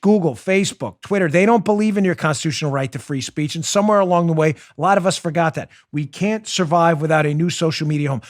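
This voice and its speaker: A middle-aged man hosting a political talk show, sarcastic and mocking, often breaking into loud theatrical ranting. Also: high voice. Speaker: host.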